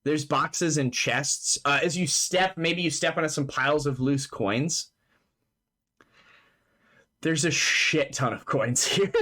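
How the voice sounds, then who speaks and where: A game master running a tabletop session speaks slowly in a highish, sharp-toned voice through an online voice chat mic. His narration is loose and casual, full of laughter, free swearing and frequent "like."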